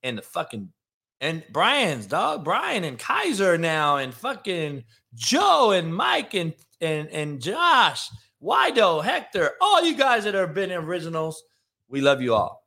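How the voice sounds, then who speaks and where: A loud-mouthed male sports host on a solo show, trading insults with the people in his live chat. His voice sits a bit higher than most men's and comes out tense and sharp. He swears constantly and sounds completely sure of himself. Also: huge pitch swings, takes it slowly, creaky. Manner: brash, profane, combative; talks to live chat viewers. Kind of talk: solo sports talk rant.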